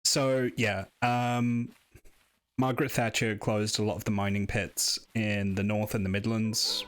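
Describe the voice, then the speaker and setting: A man's voice: on the low side, little pitch movement, a little slow, fairly bright tone, smooth, soft background music. A man from the United Kingdom streaming a game live, chatty and self-deprecating as he explains history between play. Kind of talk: casual live-stream commentary.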